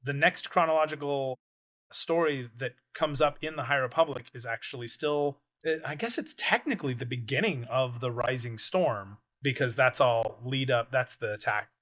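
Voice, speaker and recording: Bright-voiced man hosting a casual podcast. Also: mid-range voice, moderate pace. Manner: animated, acts out quoted characters in passing. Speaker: podcast host.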